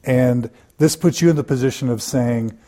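A man interviewing a guest, asking probing questions in a relaxed, casual way. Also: mid-range voice, normal speed, a little hiss or hum.

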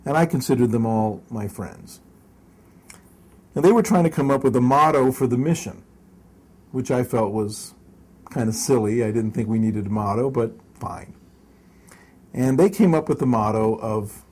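A man's voice: mid-range voice, a little slow, long pauses, darkish tone. An older man recounting personal memories as an interview guest, chuckling often and restarting his sentences. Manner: chuckling storyteller with many restarts.

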